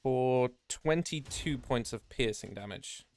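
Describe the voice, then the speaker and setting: Slow, easygoing male game master. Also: medium pitch, animated. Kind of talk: running a tabletop game over voice chat.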